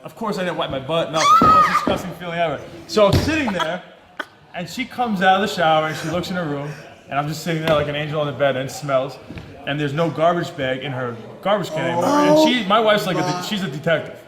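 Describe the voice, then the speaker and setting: A man telling a comic personal story on a talk show, quick and self-deprecating, laughing as he goes. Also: on the high side, wildly swooping pitch, reverberant, over a noisy crowd. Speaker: guest athlete. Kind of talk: animated anecdote telling.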